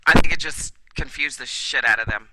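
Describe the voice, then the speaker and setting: A woman's voice: extremely low pitch, a little fast, very noisy. A woman talking as a guest expert in a casual podcast conversation, emphatic and often checking in with "right?". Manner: emphatic, repeats "right?" for agreement. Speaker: guest expert, school administrator.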